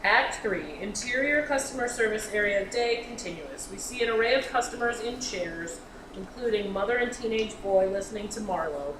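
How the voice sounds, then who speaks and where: A woman's voice: mid-range voice, moderate pace. A woman reading stage directions aloud at a staged comedy reading, in a matter-of-fact way. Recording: roomy hall, audience noise, far mic.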